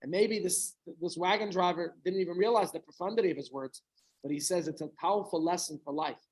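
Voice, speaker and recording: A man's voice: high voice, brisk, rough recording. Rambling storytelling man. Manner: rambling storytelling with chatty asides and questions to listeners. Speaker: rabbi. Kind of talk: informal Torah talk to a small group.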